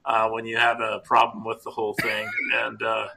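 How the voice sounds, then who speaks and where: Middle-aged male podcast co-host, rambling and jokey, bright and gravelly. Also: lowish voice, completely flat delivery, moderate pace, slight background noise, low-quality recording. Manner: rambling, self-interrupting, jokey. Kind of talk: casual storytelling chat.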